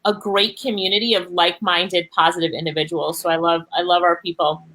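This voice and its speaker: A Jamaican woman hosting a live online interview, chatty and lively, reading out viewer comments and laughing often. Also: lowish voice, brisk, slight background noise, rough recording. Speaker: host.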